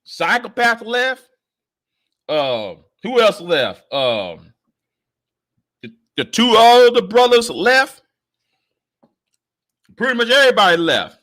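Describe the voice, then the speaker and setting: A man's voice: high-pitched, big pitch swings, slow pace, long pauses, a bit bright. A man hosting a casual livestream, angry, swearing constantly and stammering over repeated words. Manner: profane, stammering repetitions. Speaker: livestream host.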